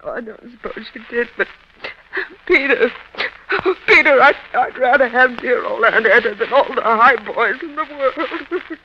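An actress playing a soft-hearted, flustered sister who pleads with her family in an old radio drama. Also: fairly high pitch, lively intonation, fairly quick, lightly acted. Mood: hurt. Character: timid younger sister, soft-hearted, easily hurt. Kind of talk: 1930s radio drama acting. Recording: dull old radio recording with faint hiss, off-mic.

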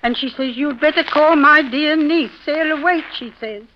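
A woman's voice: high-pitched, normal speed, close to an everyday voice. An actress playing a rambling, talkative charwoman in an old radio drama. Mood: chattering. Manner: rambling, garrulous. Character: chattering Irish charwoman, talkative, devoted. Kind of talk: 1930s radio drama acting. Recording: dull old radio recording with faint hiss.

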